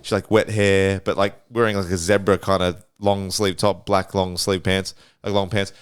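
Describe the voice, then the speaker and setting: A man's voice: low-pitched, level tone, normal speed, clear, resonant tone. A young Australian man hosting a casual podcast, telling rambling stories full of "like" and swearing. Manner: rambling storyteller, swears freely, says "like" often. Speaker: podcast host.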